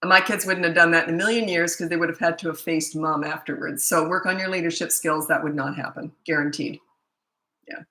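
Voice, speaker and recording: A woman's voice: sits low, steady tone, a little fast, sharp tone, rough recording. A middle-aged woman, a parenting coach, answering viewer questions in a blunt, chatty way and telling stories with laughter. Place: Australia.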